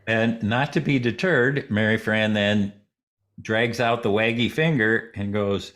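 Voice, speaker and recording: Slow-talking man telling a story. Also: on the low side. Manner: slow, relaxed storytelling, acting out quoted voices. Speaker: interview guest. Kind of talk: storytelling in a casual interview.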